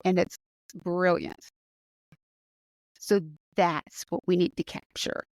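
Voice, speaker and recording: A woman's voice: slow pace, no room sound. A woman hosting a conversational interview, from the United States, talking in an enthusiastic and emphatic way. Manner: enthusiastic, emphatic, rising pitch when excited. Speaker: podcast host.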